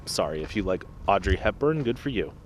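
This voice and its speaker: A man chatting to the camera while trash picking outdoors at night, excitable, through a small camera-mounted mic. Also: deep voice, brisk, slight background noise. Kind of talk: casual vlog narration.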